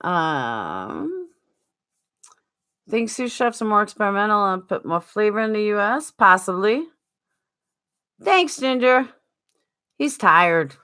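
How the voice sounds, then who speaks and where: A woman's voice: medium pitch, sing-song, slow, pauses often, pushed and bright, clean tone. A woman with a New York accent chatting casually on a live stream, answering viewers by name.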